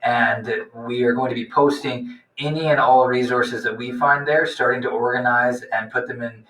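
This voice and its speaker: A man co-hosts a live business webcast in an earnest, steady voice. His tone is bright, and he sits away from the mic, so the sound comes through with room echo. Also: mid-range voice, moderate pace, distant mic. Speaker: co-host.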